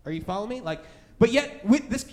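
Man pastor with a high, youthful-sounding voice, preaching casually and acting out his stories with lots of energy. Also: fast. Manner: animated storytelling, acting out scared voices; conversational, many fillers like "right?" and "like". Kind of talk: sermon with personal story.

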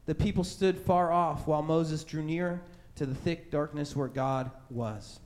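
A man's voice: fairly high pitch, a little slow, a little mellow. A man preaching a sermon in a conversational way, telling a childhood story and acting out the voices of scared people. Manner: conversational, many fillers like "right?" and "like". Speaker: pastor.

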